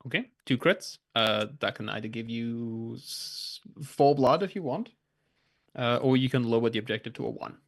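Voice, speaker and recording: A man's voice: mid-range voice, normal speed. A man acting as game master, narrating a tabletop game in a casual, rambling way with offhand asides.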